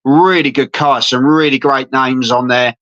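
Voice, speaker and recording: A man's voice: mid-range voice, steady tone, a little slow, a bit bright. A man hosting an interview, chatty and friendly, tossing in "mate" and "isn't it". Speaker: interview host. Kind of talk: casual interview. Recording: dull dry lo-fi sound.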